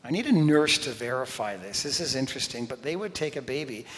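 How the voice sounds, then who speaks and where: A man preaching a sermon, telling animated stories, talking straight to the congregation and dropping to a whisper for emphasis. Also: medium pitch, fairly quick. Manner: animated storytelling, talks to the congregation directly. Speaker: pastor. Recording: long reverb in a large hall.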